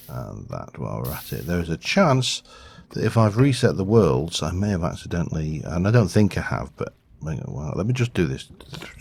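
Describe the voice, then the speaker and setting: A man's voice: deep voice, vocal fry, a little mellow, husky. A man giving rambling, self-deprecating casual commentary over a game. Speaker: gaming video host.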